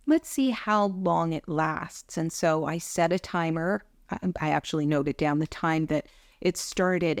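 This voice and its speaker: A woman speaking candidly and earnestly to camera about healing, in a gently encouraging personal vlog. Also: lowish voice, dry recording, studio quality. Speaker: vlogger sharing concussion recovery. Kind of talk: personal reflective talk to camera.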